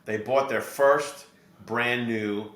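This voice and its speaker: A middle-aged man from New Jersey, a podcast guest and real estate investor, explaining his ideas through steady anecdotes. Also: mid-range voice, slow pace. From New Jersey, USA. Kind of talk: podcast interview storytelling. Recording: echoey room.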